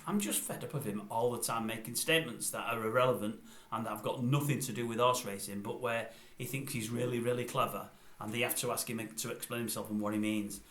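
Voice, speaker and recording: An older man rants through a blunt, grumbling review in a mid-pitched voice, repeating his complaints. He is recorded in a room that gives his voice a noticeable echo. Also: fairly bright tone. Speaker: vlogger. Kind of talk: ranting review.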